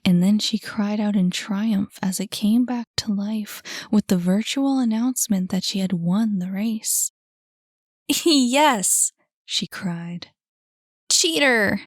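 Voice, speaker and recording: A woman reads an audiobook in an unhurried, measured way. The sound is close and dry, with a mid-range voice. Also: mid-range voice, mellow, no room sound. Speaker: audiobook narrator. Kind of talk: scripted narration.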